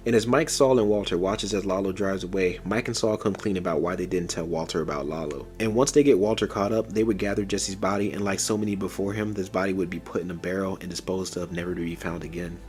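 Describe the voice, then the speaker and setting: A man casually narrating a fan story in a rapid retelling manner. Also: low-pitched, steady tone, darkish tone, soft background music.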